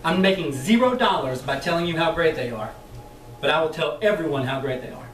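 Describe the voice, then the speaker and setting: A man leading a sales training session for a live group, talking in a lively, chatty way, laughing often and acting out the voices he quotes. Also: on the high side, brisk, a little hiss or hum. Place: meeting room with an audience. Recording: echoey room, mic far off.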